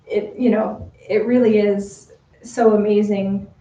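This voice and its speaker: A woman's voice: mid-range voice, little pitch movement, slow, warm tone. Giggly woman cosplayer, roomy and distant. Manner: chatty, giggly, many fillers. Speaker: cosplay model. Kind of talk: casual livestream chat. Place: room with a bar. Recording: roomy, distant, dull livestream audio.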